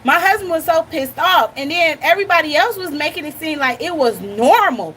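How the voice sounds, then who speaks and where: A young woman hosts a reaction channel, speaking bluntly and animatedly right to her viewers in casual commentary. Her voice sits high and fairly bright, with lively intonation and a brisk pace, and there's a little hiss or hum.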